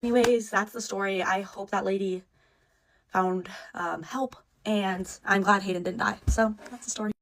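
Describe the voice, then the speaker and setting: A woman telling a story in an excited, profane, breathless way. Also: mid-range voice, moderate pace. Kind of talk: casual storytime.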